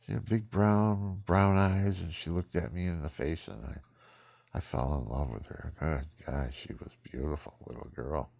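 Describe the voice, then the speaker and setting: Give me a deep, creaky-voiced man in his seventies spinning meandering personal tales. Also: steady tone, normal speed, a little mellow. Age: 70s. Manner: meandering, frank, chuckling. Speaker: vlogger. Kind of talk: rambling personal storytelling.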